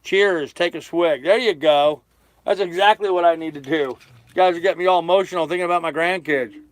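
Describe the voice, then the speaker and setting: Speaking briskly in a fairly high-pitched voice, an older sailing vlogger on his small boat reads viewer comments aloud during a live stream and answers them casually. The recording sounds dry.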